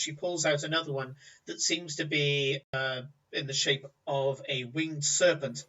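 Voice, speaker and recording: Bright-voiced male game master, distant. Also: on the high side, steady tone, measured pace, hardly any pauses. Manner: vivid descriptive storytelling. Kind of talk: narrating a tabletop game. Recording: distant, muffled recording.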